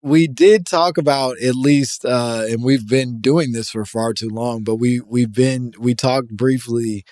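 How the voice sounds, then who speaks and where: A man's voice: medium pitch, steady tone, unhurried, a little mellow, no room sound. A man co-hosting a podcast, reading a listener email and joking profanely, laughing often. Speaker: podcast co-host. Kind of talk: casual podcast banter.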